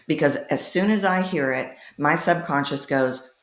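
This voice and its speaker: A woman voice coach speaking emphatically in a podcast conversation, with big swoops in pitch on key words. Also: a little slow, reverberant. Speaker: voice coach guest.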